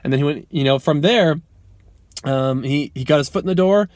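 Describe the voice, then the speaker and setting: A man's voice: fairly high pitch, moderate pace, a little mellow, no echo, studio quality. A young man talking casually to camera in a vlog, earnest and motivational, rambling with many ums and restarts. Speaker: vlogger. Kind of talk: casual unscripted vlog talk.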